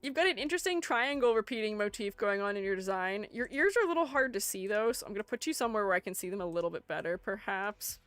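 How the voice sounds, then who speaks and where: A woman's voice: mid-range voice, lively intonation, fast talker, hardly any pauses, a bit bright, no echo, soft background music. A woman streamer in casual livestream chat, playful and chatty, reading her viewers' messages aloud and answering them. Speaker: streamer ranking game character designs.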